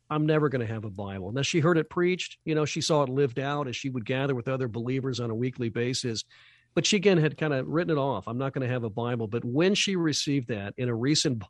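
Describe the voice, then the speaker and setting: A man appearing as a charity guest on a radio talk show, speaking earnestly over a video call and slowing down to stress key phrases. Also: medium pitch, no echo.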